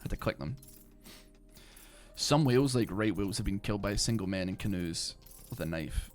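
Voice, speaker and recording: A man's voice: on the low side, expressive, normal speed. Rambling British man streaming a game. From Britain. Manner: rambling, filler-heavy, restarts mid-thought. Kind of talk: live gameplay commentary, chatting with viewers. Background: faint game music.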